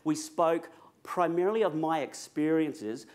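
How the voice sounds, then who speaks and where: A man's voice: mid-range voice, animated, normal speed. A man telling a personal story to a live audience, chatty and self-mocking, now and then asking the crowd questions. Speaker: public speaker.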